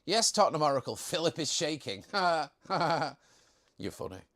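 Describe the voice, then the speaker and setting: A young man chats away on his live stream, joking as he reads out viewer comments. His voice sits a little high for a man and swings widely in pitch. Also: very animated, unhurried, a bit bright. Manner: chatty and jokey, reading out viewer comments. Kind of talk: casual live stream chat.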